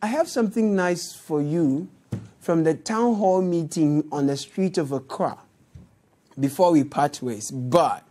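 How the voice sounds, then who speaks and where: A news show host with a Ghanaian accent gives satirical commentary on the day's politics. The delivery is sarcastic and mocking, sitting at an ordinary middle pitch. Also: animated, measured pace, mellow. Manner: sarcastic, mocking, laughs at clips.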